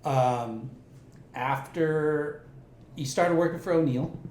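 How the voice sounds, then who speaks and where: A man's voice: on the high side, slow, a little mellow, roomy sound, slight background noise. A man hosting a podcast, prompting his guest with short casual questions. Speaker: podcast host. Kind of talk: casual interview chat.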